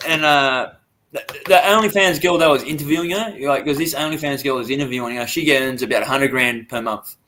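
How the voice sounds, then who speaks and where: In casual podcast talk, a forties-aged Australian co-host tells stories in a blunt, animated way, swearing plenty. He has a medium-pitched voice, speaks fairly quickly, and a little hiss or hum sits in the audio.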